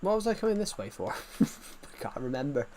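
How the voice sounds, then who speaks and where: A man's voice: on the high side, big pitch swings, normal speed, mellow. Chatty young man streaming. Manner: rambling, self-mocking, easily sidetracked. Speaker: gaming livestreamer. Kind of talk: casual gameplay chatter.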